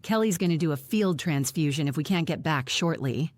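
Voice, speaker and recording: A woman reading aloud, voicing an older father who speaks plainly and calmly. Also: low-pitched, a little fast, no echo. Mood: steady. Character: calm older father, matter-of-fact.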